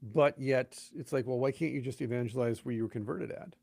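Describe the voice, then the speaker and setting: Gravelly-voiced pastor chatting animatedly. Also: male voice, medium pitch, normal speed, hardly any pauses, dry recording. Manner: animated storyteller, acts out quoted voices. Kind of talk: casual podcast conversation.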